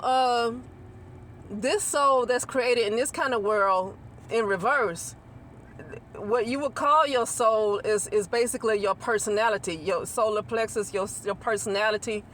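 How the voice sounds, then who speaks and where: A woman's voice: a little high, fairly even intonation, measured pace, a bit bright, a little hiss or hum. A woman hosting her own channel, talking through a casual spiritual monologue in a rambling way, often restarting and repeating phrases and asking "okay?" for agreement. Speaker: channel host.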